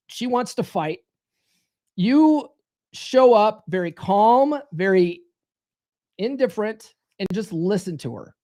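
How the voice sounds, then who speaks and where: A man's voice: high voice, a little mellow. A man delivers a podcast monologue as a dating coach. He talks bluntly and swears freely. He drills his points by repeating them. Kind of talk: podcast monologue giving advice.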